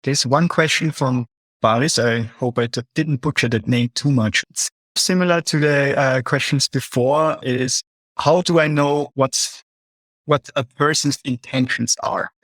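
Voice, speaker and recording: A man's voice: medium pitch, a little slow, fairly bright tone, dry recording. A man moderating a webinar Q&A, reading out audience questions and giving short affirming replies. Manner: brief, affirming, reads out questions.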